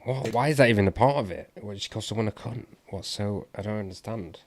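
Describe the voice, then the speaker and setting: A man's voice: fairly low pitch, fast talker, no echo. A man hosting a live stream, reacting to a clip with puzzled questions and thinking aloud. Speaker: livestream host reacting to a clip. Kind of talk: casual live commentary.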